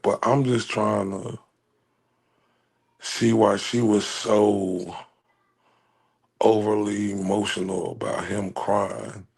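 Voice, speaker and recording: A man's voice: on the low side, gravelly, a little mellow, slightly rough. A man giving casual commentary, chuckling between phrases and often repeating himself. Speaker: commentary vlogger.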